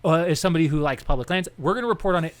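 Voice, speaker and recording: A man's voice: fairly high pitch, racing. Rambling young man telling podcast stories. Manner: rambling, animated storytelling with quoted dialogue. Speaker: podcast co-host. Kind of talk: casual political chat.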